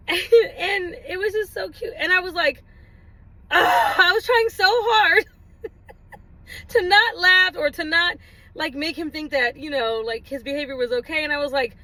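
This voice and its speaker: A woman's voice: extremely high pitch, pushed and bright, dry recording, poor audio. A woman vlogger telling a casual story, laughing often and acting out exaggerated exclamations.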